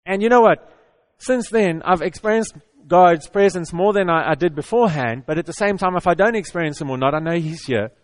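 A middle-aged male pastor preaches in an earnest, conversational manner. His voice sits a little high for a man, and he often stumbles back over his words before pushing on. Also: a little fast. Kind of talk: conversational sermon.

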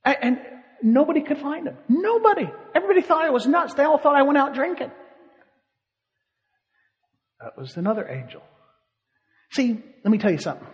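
A man preaching, telling a lively story with animation and frequent laughter. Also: very high voice, normal speed, pauses often, long reverb tail, highs cut off. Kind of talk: sermon storytelling.

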